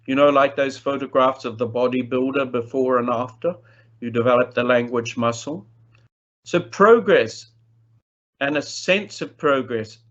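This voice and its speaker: Emphatic man lecturing, dull lo-fi sound. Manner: emphatic, with sharp shifts in pitch and pace; playful asides. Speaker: plenary speaker on language teaching. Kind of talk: conference lecture.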